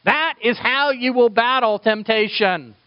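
A male pastor delivering a sermon in an animated way, swinging between emphatic peaks and soft, quiet drops, on a dull lo-fi recording. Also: extremely high pitch, a little slow, clean tone, no echo.

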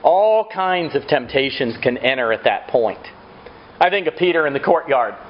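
A man's voice: mid-range voice, expressive, moderate pace, muffled recording, a little hiss or hum. A man preaching a sermon, asking rhetorical questions and acting out quotes. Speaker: pastor.

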